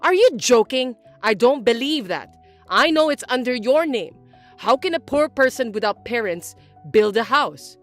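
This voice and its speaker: A woman's voice: a little high, lively intonation, normal speed, faint music behind, lightly acted. A woman voicing a domineering mother-in-law who talks in an indignant, accusing, whiny way. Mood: stunned. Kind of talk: scripted story voice-acting.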